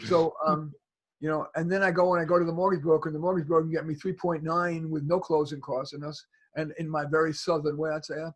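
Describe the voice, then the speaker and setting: A man's voice: fairly high pitch, little pitch movement, quick pace. A man from New York giving rambling advice over a video call, full of restarts and fillers. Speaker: guest expert.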